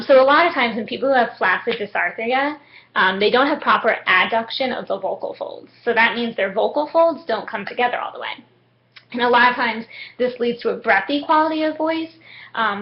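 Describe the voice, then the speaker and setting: A young woman calmly explaining speech therapy techniques step by step, with frequent "um"s. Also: a little high. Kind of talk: instructional demonstration. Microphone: webcam. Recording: muffled webcam audio.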